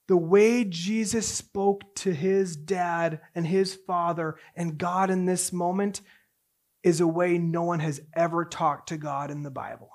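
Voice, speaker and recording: A man preaching a sermon as pastor, moving between hushed storytelling and raised, emphatic passages. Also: fairly high pitch, fairly even intonation, a little slow.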